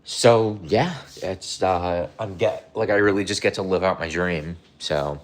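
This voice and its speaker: Young man, deep low voice, casual livestream host, rambling, teasing. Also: a little slow. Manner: rambling, repeats himself, addresses chat viewers; mocking, confrontational toward viewers.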